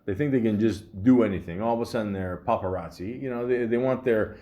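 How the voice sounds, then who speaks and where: A man with a fairly low voice hosts a comedic podcast. He reads out trivia, then wanders into loose, profane tangents packed with "you know" and "uh". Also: fast talker, mellow. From Canada. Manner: profane, rambling asides with frequent fillers. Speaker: podcast host.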